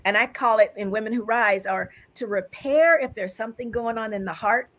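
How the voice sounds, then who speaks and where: A woman's voice: fairly high pitch, a little fast, a bit bright. A woman guest, an author and speaker, talking in an emphatic, dramatic way and drawing on faith language in an interview. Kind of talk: animated interview conversation.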